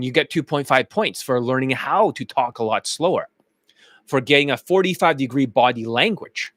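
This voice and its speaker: A man's voice: a little high, no room sound, studio quality. A man talking as a dating coach in a brash, boastful monologue, swearing freely. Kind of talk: casual promotional monologue.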